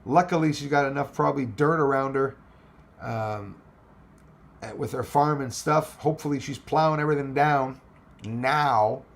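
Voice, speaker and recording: A man's voice: medium pitch, moderate pace. A man hosting a casual livestream, rambling and thanking viewers by name as he reads their comments aloud. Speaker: livestream host reading chat. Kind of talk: casual live chat.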